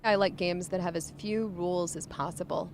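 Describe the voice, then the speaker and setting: A woman's voice: lowish voice, fairly even intonation, moderate pace, a little hiss or hum. A woman interviewed casually, speaking in a chatty way with frequent fillers. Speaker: author and larper interviewee.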